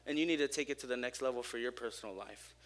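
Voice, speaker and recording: A young man preaches in a church service with a bright, forward voice and an easy, conversational delivery. He jokes with the crowd and speaks openly about his own struggles. His energy stays high and personal throughout. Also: rapid-fire. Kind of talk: casual youth sermon.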